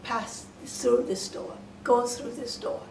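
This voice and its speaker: A woman voicing Mother Hulda, a kindly old fairy-tale woman who speaks gently, coaxing and giving instructions. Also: on the high side, fairly even intonation, slow pace. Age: older. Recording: roomy, distant mic, faint hiss.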